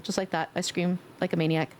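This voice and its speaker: A woman streamer chatting casually with her viewers in a playful way, now and then slipping into squeaky baby talk and screams. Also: noisy background. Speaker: livestreamer. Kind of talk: casual live-stream chat.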